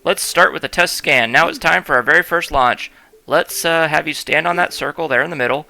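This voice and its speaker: A man's voice: a little high, a little fast, vocal fry, bright, forceful tone, voice pushed up, exaggerated voice. A man putting on a chirpy young woman scientist. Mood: instructive.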